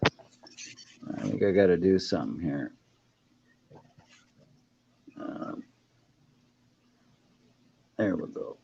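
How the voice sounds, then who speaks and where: A man hosts a casual livestream, chatting and joking with his viewers and laughing often. His voice sits low and warm. The audio is dull and lo-fi with a faint hiss behind it. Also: lively intonation, drawn-out words, gravelly, long pauses. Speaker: host.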